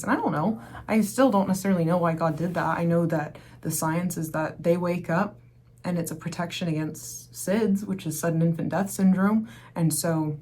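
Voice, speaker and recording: Young mom vlogging, low voice, chatty and candid, says like a lot. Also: female voice, darkish tone. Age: young adult. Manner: candid, rambling, many fillers like "like". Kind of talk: casual faith-based vlog talk.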